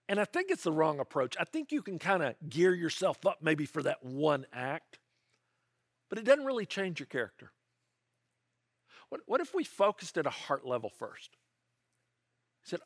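A man's voice: a little high, big pitch swings, moderate pace, long pauses, fairly bright tone, no echo, clean studio sound. A man preaching a sermon, earnest and conversational, with asides and quoted prayers. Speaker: pastor.

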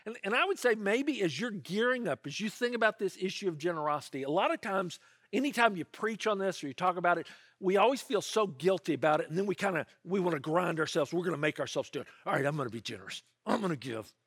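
An animated man preaching with a high, lively voice that swoops up and down. He sounds earnest and conversational, leaning into his points. The sound is dry and close, with no room echo. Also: fast talker, slightly rough. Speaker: pastor. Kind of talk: sermon.

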